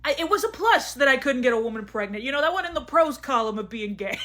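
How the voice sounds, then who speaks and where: Give me a deadpan comedic woman. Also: high voice, quick pace. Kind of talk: comedy sketches and stand-up.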